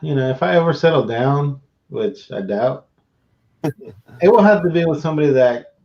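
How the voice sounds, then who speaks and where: A man with a gravelly voice talking casually among friends, swearing now and then. He sounds roomy and a little dull, as if caught from across the room. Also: fairly high pitch, expressive, moderate pace, a little mellow. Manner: agreeing often, casual swearing. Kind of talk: casual chat.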